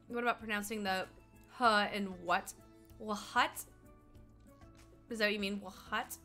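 Bright, chatty young woman streamer. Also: mid-range voice. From Colorado. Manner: chatty and giggly, slips into mock accents. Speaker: livestreamer. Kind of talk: casual chat while gaming and reading chat.

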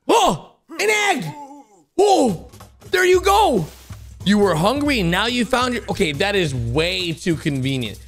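A young man hosting a gaming channel, giving excitable reaction commentary with lots of exclamations and "bro". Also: sits high. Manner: animated, exclaiming, calls viewers bro.

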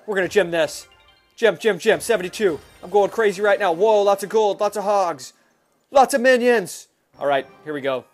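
A man giving excited, fast commentary while playing a mobile game, reacting loudly to every move. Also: sits high. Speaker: gaming YouTuber. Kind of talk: excited live gameplay commentary.

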